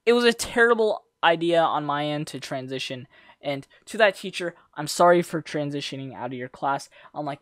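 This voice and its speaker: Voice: mid-range voice, animated, normal speed, no room sound, studio quality. A young adult vlogger telling a school story in a rambling, slangy way, with self-corrections and sarcastic asides. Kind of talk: casual storytime monologue.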